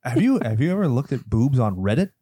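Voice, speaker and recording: A man hosting a horror movie podcast, loud and theatrical in casual chat. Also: mid-range voice, sing-song, fast, slightly rough, no room sound, studio quality. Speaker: podcast host.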